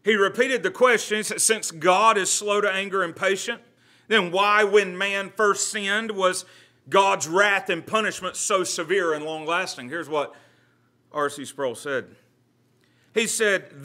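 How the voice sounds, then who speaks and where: A man leads a church Bible study as pastor. His voice sits high and sounds bright. He teaches earnestly, sinking to a near hush and then rising to press a point. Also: unhurried. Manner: earnest preaching, swings from loud to hushed.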